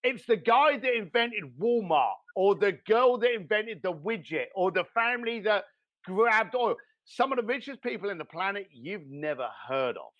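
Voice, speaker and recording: A man giving blunt, animated business advice as a podcast guest, swearing now and then. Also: high voice, moderate pace, dull audio. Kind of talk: motivational business talk.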